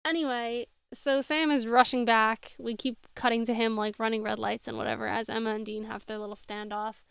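A woman's voice: a little high, flat delivery, brisk, vocal fry, fairly bright tone, clean tone, dry recording. A woman co-hosting a casual show recap, exasperated and sarcastic, recounting scenes from her notes. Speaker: podcast co-host.

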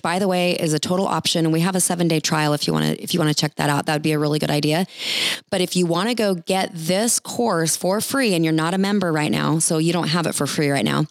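A woman ministry leader gives an encouraging talk that includes prayer, speaking earnestly and chattily straight to her listeners. Her voice is fairly low in pitch, and the recording is dry.

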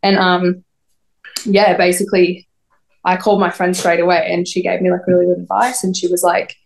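A woman's voice: on the low side, flat delivery, normal speed, gravelly, slight background noise. A young woman telling an interviewer her own story, rambling and full of "like". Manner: rambling, lots of "like", quoting others. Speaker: podcast guest. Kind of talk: recounting a personal story in an interview.

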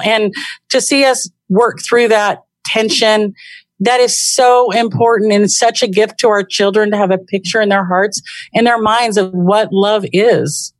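A woman talking as a podcast guest in a lively, animated way, laughing often. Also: medium pitch, unhurried, dry recording. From United States. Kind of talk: casual conversation.

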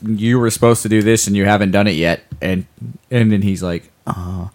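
A man's voice: lowish voice, fairly even intonation, normal speed. A man on a podcast talking about his kids and running in a rambling, playful way, often restarting sentences. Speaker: podcast co-host. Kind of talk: casual chat.

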